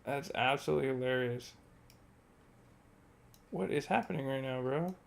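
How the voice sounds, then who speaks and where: A man's voice: mid-range voice, moderate pace, creaky. A young man streaming a game and chatting casually, laid-back and heavy on filler words like "bro". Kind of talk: casual chat while gaming.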